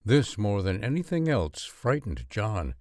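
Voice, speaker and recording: A man narrates a storybook in a fairly low voice. His delivery is expressive, with lively movement in pitch. The sound is dry and close to the mic. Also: a little slow, dry recording. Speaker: audiobook narrator.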